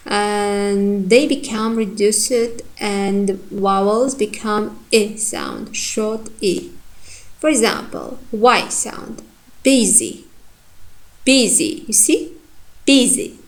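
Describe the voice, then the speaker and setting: A woman teaching phonetics in a careful lecture, saying each example word twice and pausing often with fillers. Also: mid-range voice, expressive. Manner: slow, careful, repeats example words twice. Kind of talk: lecture on vowel reduction.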